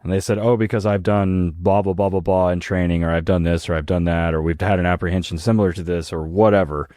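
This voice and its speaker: A man co-hosting a podcast, in casual chat, telling profane, animated stories about his dog handlers. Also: low-pitched, quick pace, no room sound, studio quality. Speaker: podcast co-host, police dog program lead.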